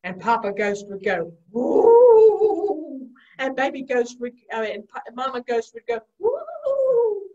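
A woman's voice: on the high side, fairly quick, few pauses. A woman librarian telling a children's story in a playful, sing-song way, with sound effects. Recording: distant, dull lo-fi sound.

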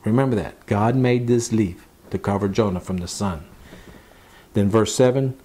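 A man's voice: fairly low pitch, normal speed, dark tone. A man preaching a sermon, asking rhetorical questions and reading scripture aloud. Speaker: pastor.

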